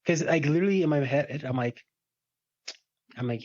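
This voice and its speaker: A man's voice: medium pitch, animated, fairly quick, long pauses, a little mellow, dry recording. Male podcast co-host, candid and chatty, muffled dry recording. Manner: candid, talks through his own relationship habits. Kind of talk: casual chat. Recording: dull dry sound.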